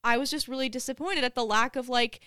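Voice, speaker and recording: A woman's voice: high voice, quick pace, bright, forceful tone, clear, resonant tone, no room sound. A woman co-hosting a podcast, talking casually and earnestly at length. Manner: earnest, talks things through at length. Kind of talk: casual chat.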